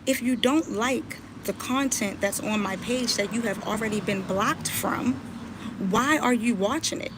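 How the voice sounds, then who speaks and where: Gravelly, confrontational woman blogger. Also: a little high, a little hiss or hum. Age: adult, mother. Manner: confrontational, scolding. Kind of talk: live-stream rant.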